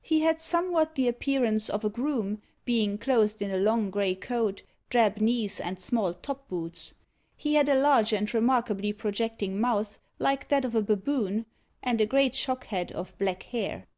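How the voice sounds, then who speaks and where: A woman reading a gothic novel aloud in measured storytelling narration, recorded with a dull lo-fi sound. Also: a little high. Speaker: audiobook narrator. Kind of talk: scripted narration.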